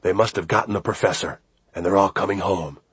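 Man reads a tense team leader, clipped and urgent, in a deep husky voice, storybook read. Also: steady tone, a little fast, no echo.

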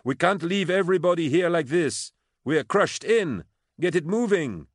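A man's voice: fairly low pitch, steady tone, quick pace, dry recording, studio quality, voice pushed up, natural voice. A male narrator voicing a cool-headed woman who leads a crowd of refugees, calling out urgently.

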